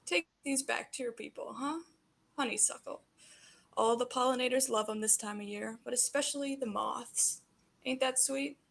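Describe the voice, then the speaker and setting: A woman voicing a gentle, grieving old man who speaks softly and in a folksy way, calling people honey. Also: fairly high pitch, moderate pace, gravelly. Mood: kindly. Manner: folksy, soft-spoken, calls people honey.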